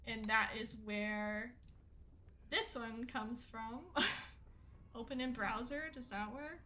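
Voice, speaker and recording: Bright, slow-talking giggly woman streamer. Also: fairly high pitch, fairly even intonation, a little hiss or hum. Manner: chatty, giggly, rambling with many fillers. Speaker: gaming streamer. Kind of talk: casual storytelling chat.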